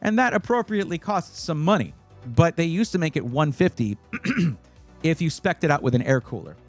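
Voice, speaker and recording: A man hosting a live stream, chatting casually and advising viewers, with frequent fillers and sudden bursts of excitement. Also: on the high side, normal speed, soft background music. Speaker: livestream host giving PC buying advice.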